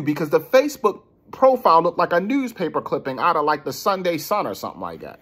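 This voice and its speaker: A man in his forties with a husky, slightly rough voice tells a personal story in a loose, conversational way. His pitch swings widely as he gets worked up, and he trips over and repeats words. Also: big pitch swings, brisk, hardly any pauses, a bit bright.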